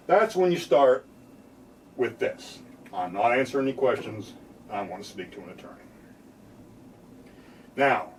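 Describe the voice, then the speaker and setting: A man's voice: mid-range voice, a little mellow, distant mic, slight background noise, rough recording. A man, a lawyer from the United States, explaining legal rights to viewers in a plain-spoken way, sometimes acting out police questions. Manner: plain-spoken, acts out police lines with a laugh.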